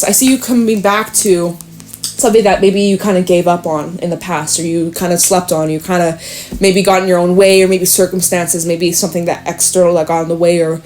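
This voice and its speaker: A woman's voice: medium pitch, a little mellow. A young adult woman giving a casual spoken tarot reading, chatty and emphatic, swearing now and then and using lots of fillers. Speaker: tarot reader.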